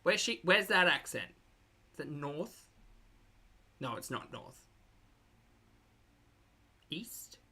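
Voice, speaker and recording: A woman's voice: low-pitched, expressive, slow pace, pauses often, pushed and bright, husky. A woman streamer in casual, wry commentary, laughing often as she reacts to videos and reads chat.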